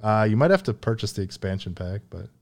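A man hosting a gaming podcast in casual chat, rambling and restarting sentences, with a deadpan delivery. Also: lowish voice, fast talker, gravelly. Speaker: podcast host.

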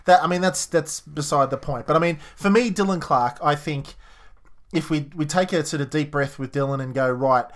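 An Australian man with a slightly raised pitch, co-hosting a sports podcast in casual chat. His talk rambles and doubles back, with words said twice as he works out his point. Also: moderate pace, fairly bright tone. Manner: chatty, rambling, repeats words. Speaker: podcast co-host.

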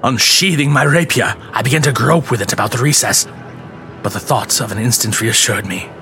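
A man giving a dramatic reading of a gothic tale, dropping to whispers and rising to shouts. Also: mid-range voice. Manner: slow, theatrical, swings from whispers to shouts. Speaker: narrator. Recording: faint music bed behind the voice.

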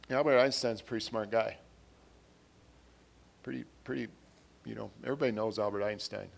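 A man preaching a sermon in an earnest way, repeating his phrases and growing louder when he reads quotes and scripture. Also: fairly low pitch, a little fast, creaky, pauses often, a little hiss or hum.

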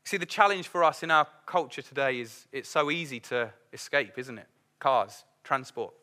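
A middle-aged man preaching a sermon in a lively, conversational way, acting out the voices he quotes. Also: medium pitch, moderate pace.

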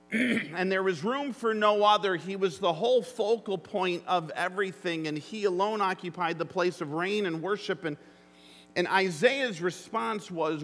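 A man preaching a sermon as pastor, earnest and emphatic, with deliberate phrasing. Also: high voice, fairly bright tone. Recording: long reverb of a large hall.

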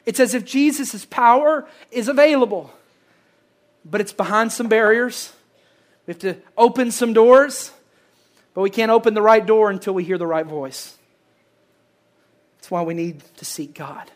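A pastor preaching a sermon, swinging between loud emphasis and hushed lines and repeating phrases for effect. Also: mid-range voice, moderate pace.

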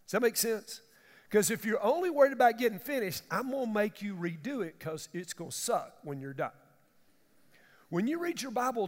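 A middle-aged man preaches in a folksy, emphatic way and asks the congregation questions. His voice sits high and swings widely, with a gravelly edge. A long reverb trails behind him, as in a large hall. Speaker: pastor. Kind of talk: sermon.

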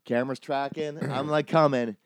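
A man telling a story in a relaxed chat, peppered with swearing. He acts out the people in it with lively jumps in voice. His voice sits at a middle pitch, recorded close and dry. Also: normal speed, no room sound. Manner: animated, profane, acts out quoted people. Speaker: podcast host telling a story.

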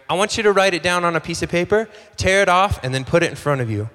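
A man preaching a sermon as a pastor, in a relaxed, conversational way, acting out little bits of dialogue and often repeating phrases. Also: high-pitched, fast, long reverb tail. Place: church hall.

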